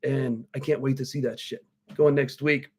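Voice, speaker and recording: A man's voice: medium pitch, steady tone, normal speed, a little mellow, slightly rough. A man in his forties hosting a podcast live, telling stories in a loose, profane, rambling way while sipping a drink. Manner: drinking a cocktail while talking. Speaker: podcast host. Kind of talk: casual live-stream chat.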